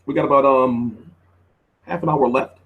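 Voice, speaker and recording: A man's voice: mid-range voice, steady tone, moderate pace, muffled recording. A man hosting a boxing news show, talking in a casual, slangy, laid-back way. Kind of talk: casual commentary.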